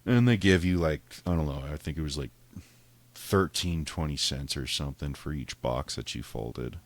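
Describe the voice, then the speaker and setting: A man's voice: rumbling low, moderate pace, creaky. A man telling a long story in casual, profane podcast talk, rambling and acting out what people said in a raised voice. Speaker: podcast host.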